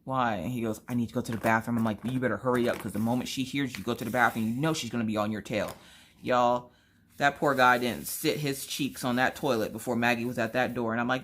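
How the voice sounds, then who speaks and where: A woman's voice: very deep voice, fast talker. Casting note: woman in her 30s, chatty storyteller who jumps into her kids' voices. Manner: animated, acts out family members' voices. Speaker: vlogger. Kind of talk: casual storytelling chat.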